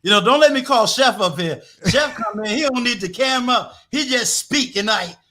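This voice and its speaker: High-pitched dude hyping up his guest, loud and shouty, bright sharp voice. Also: expressive, moderate pace. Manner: loud, shouting hype announcer style. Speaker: host. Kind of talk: hyped show intro then casual interview.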